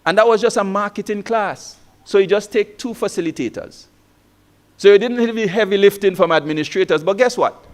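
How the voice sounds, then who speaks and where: A man's voice: high voice, fairly quick. A man, a former lecturer giving a motivational conference talk with stories and rhetorical questions. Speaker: keynote speaker, former lecturer.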